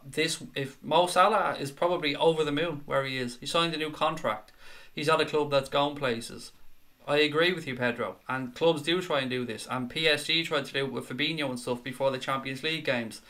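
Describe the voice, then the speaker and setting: A man hosting a football fan live stream, reading viewer comments aloud and answering them in an animated, blunt, chatty way. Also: fairly high pitch, a little fast. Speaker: fan chat show host.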